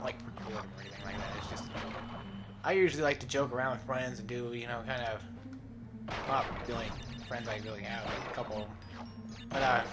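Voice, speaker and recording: A young man with a mid-pitched voice talks over his gameplay in a loose, rambling way. He mocks himself, swears and laughs often, speaking into a desktop microphone. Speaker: let's play host. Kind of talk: casual gameplay commentary.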